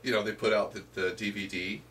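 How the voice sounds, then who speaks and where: A man co-hosting a casual wrestling history chat, talking haltingly with many restarts. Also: lowish voice, little pitch movement, a bit bright. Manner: halting, full of restarts and fillers. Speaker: podcast co-host. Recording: distant mic with faint room noise.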